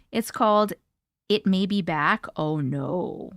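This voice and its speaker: A woman hosting a casual livestream, reading viewer comments aloud and greeting people by name, playful and quick to laugh. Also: mid-range voice, huge pitch swings, bright, forceful tone, no room sound, studio quality. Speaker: livestream host.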